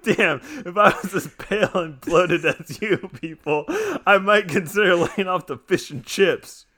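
A man's voice: sits high, measured pace, bright, forceful tone. A man playing a bald, muscle-bound male agent who hurls crude, swearing insults. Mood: abusive.

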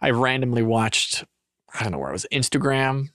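A man's voice: mid-range voice, expressive, moderate pace, fairly bright tone, smooth, no echo, studio quality. Easygoing young man, casual podcast host. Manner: easygoing, hedging, jokey.

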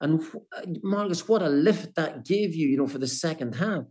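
A man's voice: on the high side, animated, normal speed, darkish tone. An older man, a former footballer, recalling his playing days in an interview, often restarting and repeating words. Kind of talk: interview, storytelling.

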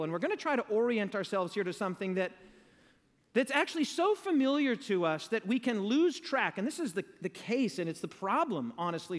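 A man's voice: sits high, in a large hall. A man preaching a sermon to a live audience, emphatic and leading them in call-and-response.

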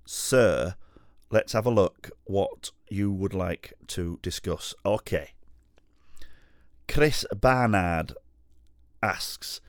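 A man's voice: low-pitched, slow pace, darkish tone, no room sound, clean studio sound. Sweary man chatting alone at home. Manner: sweary, self-mocking, rambling. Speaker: podcast host. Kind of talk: casual chat.

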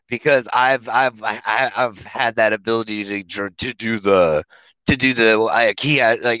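Guy on a podcast rambling thru a story, swears a lot, crisp clear voice, no room echo. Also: medium pitch, fairly bright tone, muffled recording. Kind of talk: casual podcast chat.

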